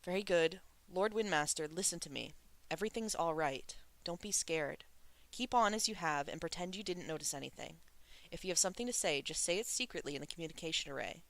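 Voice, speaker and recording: A reader voicing a gentle, anxious male crown prince who talks in a soothing, reassuring way. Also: medium pitch, brisk, close to an everyday voice.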